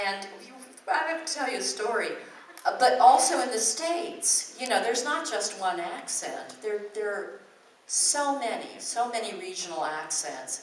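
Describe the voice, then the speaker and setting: An older woman, a voice actor, talking to a convention audience in a lively, storytelling way. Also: medium pitch, a little hiss or hum. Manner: chatty, animated storyteller. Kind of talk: convention Q&A talk. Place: large convention hall. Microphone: distant from the recording mic. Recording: echoey hall from far off.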